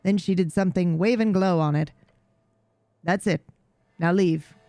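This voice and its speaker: A woman's voice: fairly low pitch, unhurried, dark tone, dry recording. A woman voicing a jaded, vain, regal male cat in a video game, with a posh mock-transatlantic drawl full of scorn. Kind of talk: reading game dialogue aloud.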